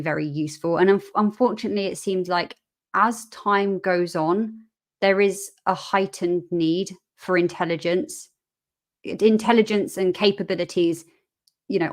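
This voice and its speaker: A British woman from the UK, a guest investor talking in a casual interview, agreeable and quick to laugh. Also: on the low side. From United Kingdom.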